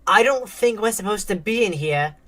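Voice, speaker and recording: A woman voicing a gentle, loving middle-aged mother who speaks softly and reassuringly. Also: medium pitch, animated, moderate pace, pitched above the performer's own voice, natural voice. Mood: soothing. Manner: soft, soothing, reassuring.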